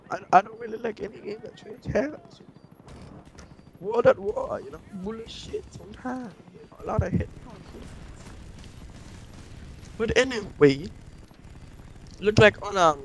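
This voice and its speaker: Male gameplay commentator, high voice; profane, broken-grammar rambler, endless "you know". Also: big pitch swings, moderate pace, creaky, long pauses, a crowd in the background, poor audio. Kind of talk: rambling comic storytelling over gameplay.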